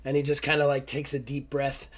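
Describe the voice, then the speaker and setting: A man's voice: mid-range voice, monotone, brisk. Rambling man running a tabletop game. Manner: loose, rambling with fillers and swearing. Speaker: game master.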